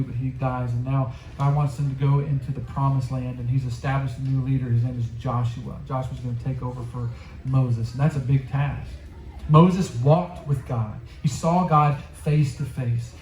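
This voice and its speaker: Man, youth sermon, conversational and earnest, mid-pitched, echoey room. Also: mellow, slight background noise. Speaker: youth pastor. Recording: roomy echo.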